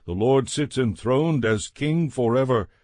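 A man reading scripture aloud in a measured, solemn way. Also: medium pitch, animated, darkish tone, no room sound. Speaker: scripture reader.

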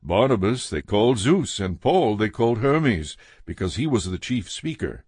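A man giving a measured, steady reading of a Bible passage as scripted narration. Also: lowish voice, husky, dry recording, studio quality. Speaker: scripture reader.

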